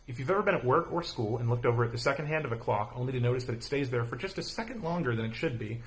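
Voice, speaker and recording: Fast-talking young man explaining science. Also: medium pitch, fairly bright tone. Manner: quick, punchy delivery with rhetorical questions.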